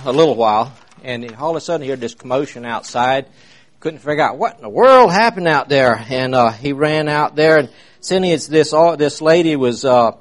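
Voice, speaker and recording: Folksy rambling preacher man. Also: medium pitch. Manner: rambling, folksy, many fillers and restarts. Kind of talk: informal sermon.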